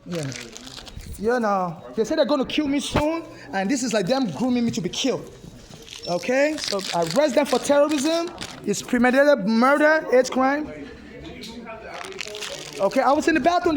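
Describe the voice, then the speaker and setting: Captured on a handheld phone inside a public building, a Nigerian woman protesting rants angrily, insistently and repetitively in an agitated monologue. Her voice sits high and is expressive, at a normal speed.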